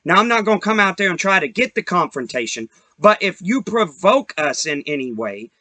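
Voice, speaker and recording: A man's voice: high voice, very animated, brisk, pushed and bright, no echo. Profane, heated young man ranting. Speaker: podcast host. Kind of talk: casual storytelling rant.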